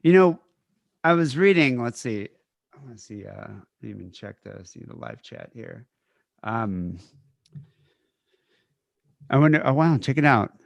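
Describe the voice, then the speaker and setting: A man co-hosting a podcast in loose, rambling chat, dropping curses and half-finished sentences. His voice sits at an ordinary middle pitch for a man. The sound is dry and close, with no room echo. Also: expressive, unhurried, vocal fry, long pauses. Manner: rambling, heavy swearing, trailing off mid-sentence. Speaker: podcast co-host.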